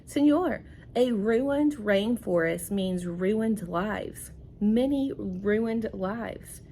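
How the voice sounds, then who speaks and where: A woman reading aloud as a tree frog from a storybook, slow and solemn. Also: medium pitch, expressive, warm tone, a little hiss or hum.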